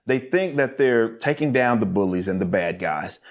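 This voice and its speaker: A man narrating a scripted commentary in a critical, measured way. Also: lowish voice, animated.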